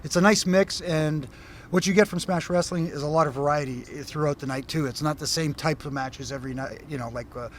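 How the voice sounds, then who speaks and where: A middle-aged man from Canada talks in a fairly high voice. He tells his stories in a lively, rambling way, with lots of uhs and restarts, and a faint hum of a busy venue sits behind him. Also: brisk. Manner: animated storyteller, frequent fillers and restarts. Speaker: former wrestling referee, guest. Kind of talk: casual interview chat.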